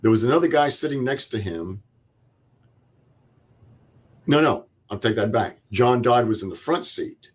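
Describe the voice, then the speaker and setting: A man's voice: medium pitch, lively intonation, unhurried, long pauses. An older man, a veteran guest, telling a vivid step-by-step war story and acting out the dialogue. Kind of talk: interview storytelling.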